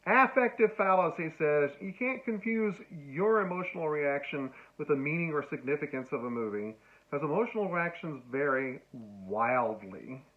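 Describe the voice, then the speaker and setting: A man giving a casual lecture on film, telling stories and acting out lines with sudden loud bursts. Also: fairly high pitch, moderate pace. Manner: animated storyteller, acts out quotes with sudden loud squeals. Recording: tinny phone-like sound.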